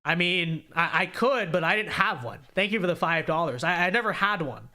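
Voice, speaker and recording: A man's voice: high-pitched, expressive, moderate pace, sharp tone. Congested man ranting on a livestream. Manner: emphatic, repetitive, sarcastic. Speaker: host of a political livestream. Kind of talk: ranting political commentary.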